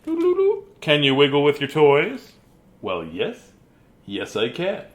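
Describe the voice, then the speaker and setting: A middle-aged man reads a children's bedtime story in a goofy, chatty way. His voice sits a little high and leaps around in pitch. He breaks into sing-song noises and silly asides. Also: sing-song, slow pace. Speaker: storybook reader. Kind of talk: playful bedtime story reading.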